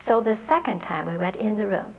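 A woman telling an audience how she taught a student to read. She speaks earnestly and spells out letters and their sounds slowly. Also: medium pitch, lively intonation, vocal fry, narrow, tinny audio. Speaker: literacy teacher giving a talk. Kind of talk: storytelling address to an audience.

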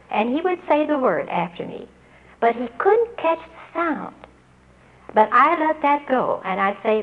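A woman telling an audience how she taught a student to read. She speaks earnestly and spells out letters and their sounds slowly. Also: a little high, vocal fry, narrow, tinny audio. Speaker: literacy teacher giving a talk. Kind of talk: storytelling address to an audience.

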